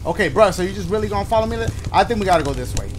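High, lively man doing scared game commentary. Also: rapid-fire, slight background noise. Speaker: gaming YouTuber. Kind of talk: let's-play commentary.

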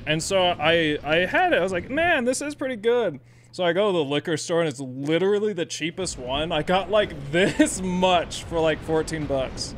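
Brief: young male game streamer, slightly high voice with a swooping, animated delivery, quick laughs and cursing, steady background noise. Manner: animated, laughs often, swears, talks back to chat. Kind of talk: live gameplay commentary.

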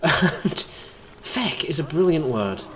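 A man casually commentating on his own gameplay, excitable and rambling, chatting to his viewers as a let's play host. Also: fairly high pitch, slow pace, a little hiss or hum. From Britain.

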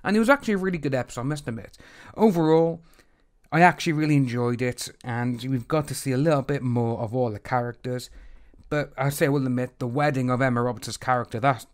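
A man casually recapping and reviewing a TV episode, slipping into quick acted-out reactions of the characters. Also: mid-range voice. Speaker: TV series reviewer.

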